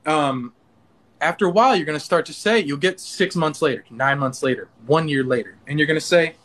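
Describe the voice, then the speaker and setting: A man speaking as an interview guest in casual talk, earnest and animated, acting out his own inner dialogue with frequent restarts. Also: on the high side, a little fast.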